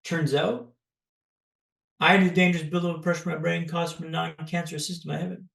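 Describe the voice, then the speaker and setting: A man from Canada, a podcast guest, telling a personal story in a dramatic, paced way with pauses. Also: on the high side, level tone, creaky, fairly bright tone, reverberant.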